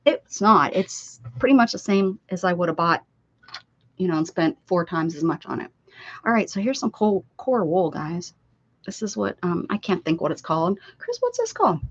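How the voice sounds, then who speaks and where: A woman's voice: fairly low pitch, moderate pace. Chatty older woman hosting a craft stream. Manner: chatty, reads chat aloud and answers viewers. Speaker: craft livestream host. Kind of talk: casual livestream chat. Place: home craft room at a desk. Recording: slightly dull lo-fi stream audio.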